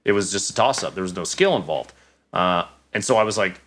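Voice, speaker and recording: A man in his thirties, a podcast guest telling casual stories, animated, with many restarts. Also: low voice, brisk. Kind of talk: casual storytelling.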